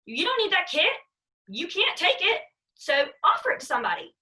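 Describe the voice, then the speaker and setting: A woman's voice: very high-pitched, huge pitch swings, normal speed, pushed and bright, recorded from a distance, poor audio. A woman leading a sales team training, talking in an emphatic, chatty way and repeating her points. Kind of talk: motivational training talk.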